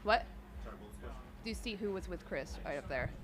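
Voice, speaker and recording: Co-hosting a livestream during a race, this speaker chats casually, calling out runners and the gear they're wearing. The voice sits in the mid range, animated, at a moderate pace.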